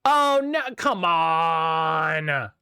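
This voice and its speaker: A man streaming a game live and reacting excitably, with frequent swearing, as he plays. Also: on the high side, extremely slow, smooth, dry recording, studio quality.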